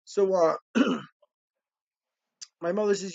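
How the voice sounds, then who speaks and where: A man telling a true story about his mother in an animated storytelling style. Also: high voice, normal speed, no room sound. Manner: animated, acts out voices in quotes. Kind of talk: spoken personal storytelling. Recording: dry, slightly dull sound.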